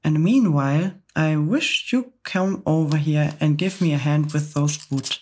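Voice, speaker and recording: A woman's voice: deep voice, a little mellow, breathy edge. A woman whispering as a bossy centipede. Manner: brisk, demanding. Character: bossy male centipede creature. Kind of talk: whispered role-play.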